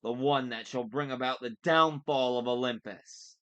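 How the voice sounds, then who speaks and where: A man reading aloud and voicing a menacing, gloating monster posing as a vice principal, speaking slowly and deliberately. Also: medium pitch, a bit bright, highs cut off, close to an everyday voice. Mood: gloating menace. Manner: slow, deliberate, mocking.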